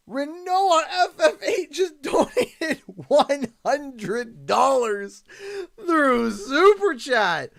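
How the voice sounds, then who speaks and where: Excitable Canadian guy, high voice. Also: extremely slow, creaky, no echo, clean studio sound. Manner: excitable, thanks donors warmly and often. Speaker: game streamer. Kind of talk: live gameplay stream chat.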